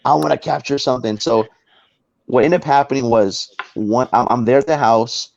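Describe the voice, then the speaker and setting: A man's voice: mid-range voice, moderate pace, creaky, no echo, highs cut off. A man guest on a talk show tells a personal story in a casual way, acting out the people in it. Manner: animated, acts out the people in his story.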